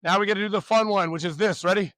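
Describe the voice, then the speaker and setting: Upbeat male pitching coach, slightly high voice, teasing, shouting cues, dry room. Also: fairly even intonation, fast, dry recording. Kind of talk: coaching a youth warm-up.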